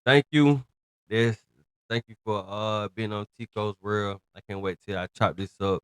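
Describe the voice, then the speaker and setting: A man's voice: lowish voice, fairly even intonation, a little slow, clear, resonant tone, dry recording, clean studio sound. A man hosting a casual commentary show, talking in a slangy, emphatic, rambling way. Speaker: host.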